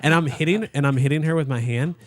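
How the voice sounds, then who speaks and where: A man's voice: a little high, quick pace. Rambling young man telling a story. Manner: rambling storyteller, many fillers and restarts. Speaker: podcast co-host. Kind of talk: casual chat. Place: studio.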